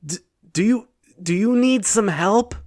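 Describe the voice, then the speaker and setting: A man's voice: high voice, a little slow, a little mellow, pitched above the performer's own voice. A man doing a flustered, stammering landlord. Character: fussy, anxious male landlord.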